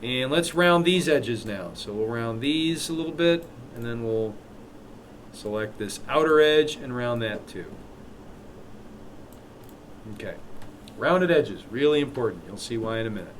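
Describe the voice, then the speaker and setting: A man teaching a live software class, walking students through steps with chatty, joking asides. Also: mid-range voice, lively intonation, unhurried, pauses often, slight background noise. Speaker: instructor.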